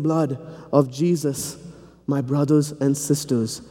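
A man's voice: medium pitch, a little slow, warm tone. A man from India preaching a sermon in a seminary chapel, with earnest, rising, fervent appeals. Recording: long hall reverb.

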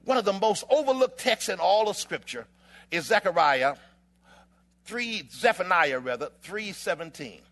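A man preaching a sermon with impassioned delivery, building to shouts and holding dramatic pauses in rhythmic, alliterative phrases. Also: high-pitched, lively intonation.

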